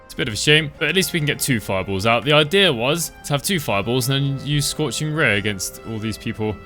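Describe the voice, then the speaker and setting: A man giving relaxed, chatty commentary over his own gameplay, thinking aloud as he plays. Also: medium pitch, fast, soft background music. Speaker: gaming channel host.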